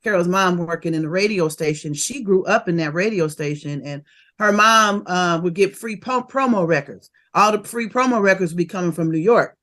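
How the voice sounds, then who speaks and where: A woman, a rapper telling stories of her early career in a casual interview, animated and quick to laugh. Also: lowish voice. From Oakland, California. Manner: animated and laughing, fast bursts of memories.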